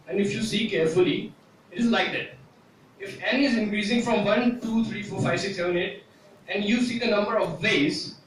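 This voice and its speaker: A man with a fairly high voice gives a presentation, pausing often with "uh" as he explains. He is picked up from a distance in a very echoey room. A faint noise sits behind him. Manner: hesitant, frequent "uh" fillers, explanatory. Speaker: student presenter. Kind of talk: classroom presentation.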